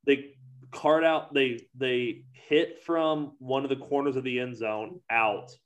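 A man talking casually among friends, his sentences wandering and packed with fillers. His voice sits at an ordinary middle pitch. He sounds relaxed and conversational. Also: slow pace. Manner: rambling, lots of "like" fillers. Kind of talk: casual chat.

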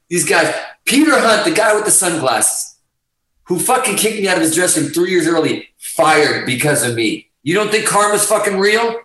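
A man telling a long story about his music career in a profane, animated way. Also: high-pitched, heavy reverb, distant mic, low-quality recording. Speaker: guest musician. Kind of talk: casual storytelling.

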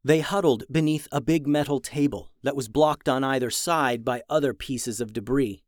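A man narrating a children's adventure story in an animated, dramatic way. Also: medium pitch, normal speed, no echo, studio quality. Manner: animated, dramatic rises in tension.

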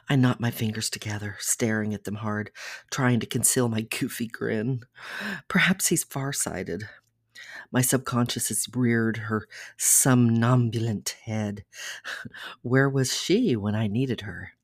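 A podcast host reading an erotic audiobook aloud in a soft, intimate way that slips into whispers. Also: medium pitch, measured pace, no echo, clean studio sound. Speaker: podcast storyteller.

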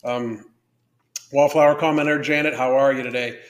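A man's voice: mid-range voice, fairly even intonation, moderate pace, dull audio. A man hosting a live podcast, chatting casually in a profane, blunt, rambling way. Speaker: podcast host. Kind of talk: casual livestream chat. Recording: roomy echo.

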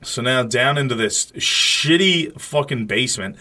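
A man's voice: medium pitch, measured pace. A man co-hosting a casual movie-watching podcast, riffing sarcastically and swearing often. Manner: profane, sarcastic, animated riffing. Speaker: podcast co-host.

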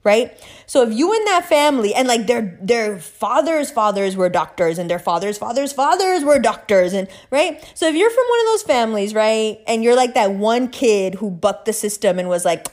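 A woman's voice: on the high side, very animated, moderate pace. A young woman ranting casually to camera, profane and emphatic with lots of fillers. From South Asian heritage. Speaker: astrology YouTuber.

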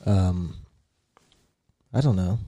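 Low, mellow man swearing and rambling. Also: very slow. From Indiana. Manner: rambling, swears casually, laughs often. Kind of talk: casual chat.

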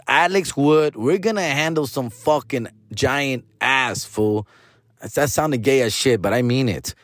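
A man's voice: on the high side, no room sound, clean studio sound. A middle-aged man hosting a casual podcast monologue, talking in a slangy, profane, rambling way and mixing in Spanish words. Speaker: podcast host.

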